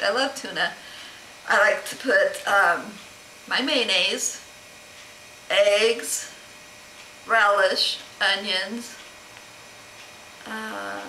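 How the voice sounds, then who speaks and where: A woman's voice: medium pitch, pushed and bright, reverberant, slight background noise, poor audio. A middle-aged woman chatting casually to camera at home, rambling and laughing as she answers questions. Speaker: vlogger answering a question tag. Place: home room.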